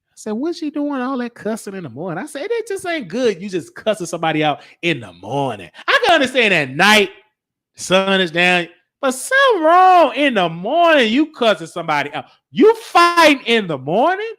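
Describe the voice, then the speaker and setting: A man hosting his show, telling a comedic childhood story in an excitable, animated way. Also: high-pitched, moderate pace. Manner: animated, excitable, talks back to the listener.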